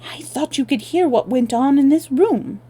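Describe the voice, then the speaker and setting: Woman doing a young guy stuck in a trap, tense, clipped, kinda high. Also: expressive, moderate pace, dark tone. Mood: doubtful. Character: young Englishman, trapped but resourceful.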